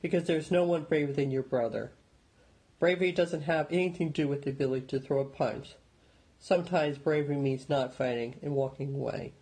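A man's voice: fairly high pitch, fairly quick, a little mellow, breathy edge. A man doing a stern, weary father. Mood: firm. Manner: firm, lecturing.

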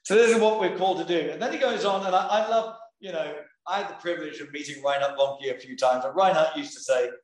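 High-voiced preacher in an echoey room. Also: male voice. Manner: slow, deliberate scripture reading mixed with conversational asides. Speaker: pastor. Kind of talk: sermon.

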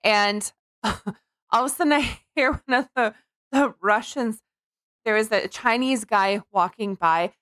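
A female podcast co-host telling a story in a casual, animated way, with laughter breaking in often. Her voice is fairly high and sits dry and close. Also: a little slow, no room sound. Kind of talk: casual comedic chat.

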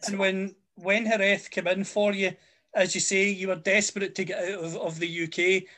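A male interviewer with a fairly high voice puts brisk, probing questions to his guest. His questions come quickly and directly. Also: level tone, bright, forceful tone.

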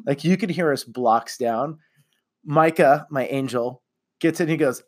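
A middle-aged man chatting casually on a podcast, animated and quick to laugh, with some swearing. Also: a little high. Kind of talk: casual chat.

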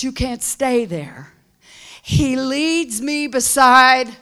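A woman preaching a sermon who swings between loud, shouted passages and hushed whispers. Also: high voice, animated, slow.

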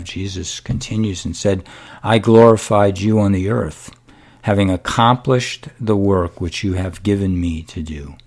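A middle-aged man preaching a sermon, unhurried and emphatic, dropping to a whisper at times. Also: deep voice, a little mellow, husky.

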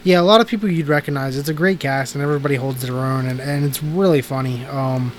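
A man's voice: medium pitch, fast talker, a little hiss or hum. A man casually reviewing movies on a podcast, rambling with lots of fillers and restarts. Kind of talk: casual chat.

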